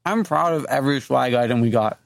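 A man's voice: medium pitch, a little fast, creaky, no room sound. A man co-hosting a podcast in casual chat, playful and teasing. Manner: playful, teasing, talks while eating. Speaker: podcast co-host.

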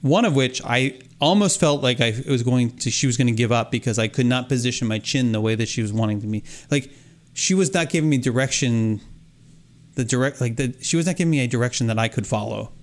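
A man's voice: mid-range voice, brisk. Rambling man telling a story. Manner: rambling storyteller, many restarts and acted-out quotes. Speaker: podcast co-host. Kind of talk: casual chat.

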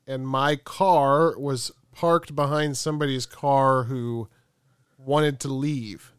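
A man's voice: mid-range voice, slow pace, smooth, no room sound, studio quality. A man co-hosting a comedy podcast, telling a story and acting out the dialogue, swearing freely. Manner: animated, acts out quoted dialogue, swears freely. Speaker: podcast co-host.

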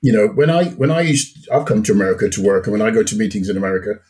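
A middle-aged man with a Jamaican accent mixed with British, telling stories as a guest in a casual conversation, relaxed and often laughing. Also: lowish voice, very fast. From Jamaica and England. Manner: relaxed, laughs often, repeats words as he restarts. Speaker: podcast guest.

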